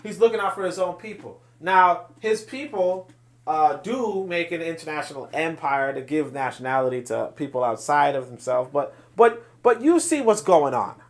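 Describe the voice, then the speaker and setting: High, lively male host lecturing. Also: moderate pace. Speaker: podcast host. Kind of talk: solo commentary on social media posts.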